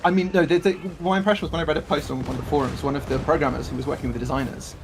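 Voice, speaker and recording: Fast-talking analytical gamer man. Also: on the high side, fairly even intonation, background noise. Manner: rambling, analytical, many restarts. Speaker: streamer explaining game mechanics. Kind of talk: casual voice-chat banter.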